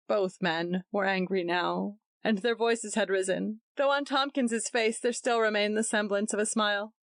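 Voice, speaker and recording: A woman's voice: lowish voice, flat delivery, normal speed, few pauses, no room sound. A woman narrating a story as an audiobook, reading expressively.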